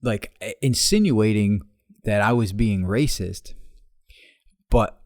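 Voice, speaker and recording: A man's voice: fairly low pitch, darkish tone, no echo, studio quality. A man in his thirties, a podcast host telling a story in casual, profane talk and laughing as he goes. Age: 30s. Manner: profane, laughing, fast retelling.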